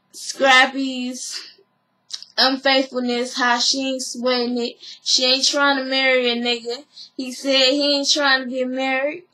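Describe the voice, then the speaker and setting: Woman vlogger, casual recap, slangy and unhurried, sharp bright voice. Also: high voice. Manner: blunt, slangy, sassy.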